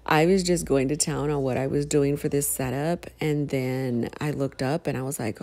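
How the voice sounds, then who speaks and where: A middle-aged woman, chatting casually to her viewers while planning, rambling and expressive. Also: a bass voice, normal speed. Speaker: planner vlogger. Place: home.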